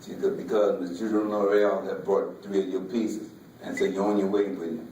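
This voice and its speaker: A man, a folk artist, giving an emotional personal talk in a halting way, often repeating words, with Southern vernacular. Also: low-pitched, level tone, mellow, a little hiss or hum. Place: museum lecture hall. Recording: echoey hall, voice from far off.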